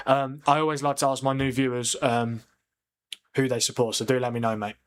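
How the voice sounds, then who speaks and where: Fairly quick and mid-range in pitch, this male streamer hosts a football watchalong live. He reacts to the match as it unfolds, getting excited at key incidents, and chats with viewers by reading and responding to their comments.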